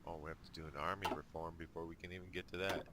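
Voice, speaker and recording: A man's voice: low-pitched, steady tone, rapid-fire, very noisy. A man giving casual let's play commentary on a strategy game, thinking aloud with dry jokes. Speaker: gamer.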